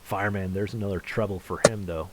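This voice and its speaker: In a very noisy recording, a man with a deep, steady voice speaks fast as he commentates live on an online darts match. He calls the scores and reads out viewer chat conversationally, his voice rising sharply on big finishes.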